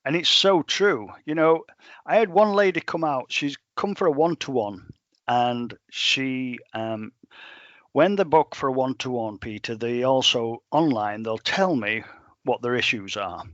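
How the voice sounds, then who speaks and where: A middle-aged man, a dog trainer telling stories in a plain-spoken, animated way. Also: mid-range voice, unhurried, no echo, muffled recording. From England. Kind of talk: storytelling in a podcast interview.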